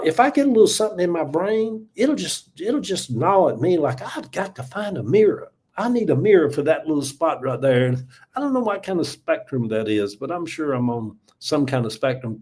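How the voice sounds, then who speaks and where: A man's voice: a little high, darkish tone. Folksy older Southern man livestreaming. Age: 70s. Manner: chatty, folksy, laughs often. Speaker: livestream host. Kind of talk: casual morning livestream chat. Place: home.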